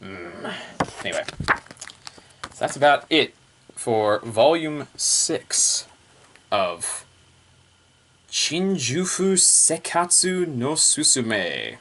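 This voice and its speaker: A man's voice: mid-range voice, sing-song, very slow, long pauses, a bit bright. Rambling, chuckling male reviewer. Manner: rambling, laughs often, repeats fillers. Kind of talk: casual review vlog.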